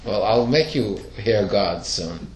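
A man's voice: fairly low pitch, expressive, slow pace. A man teaching a Torah lesson to a class, asking questions and telling stories with acted-out quotes. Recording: echoey room.

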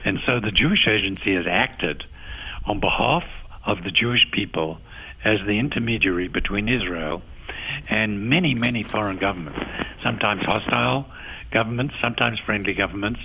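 A man with a South African accent, a guest on a radio interview, answering in a measured, explanatory way and laying out his points one by one. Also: lowish voice, bright, forceful tone, a little hiss or hum, rough recording. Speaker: guest, agency official.

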